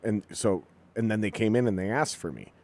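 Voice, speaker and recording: A man with a fairly low voice tells a story as a podcast guest. He talks casually and with energy, swears freely, and slips into the voices of the people in the story. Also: a little fast. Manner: animated, swears freely, acts out dialogue. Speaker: podcast guest, rock musician.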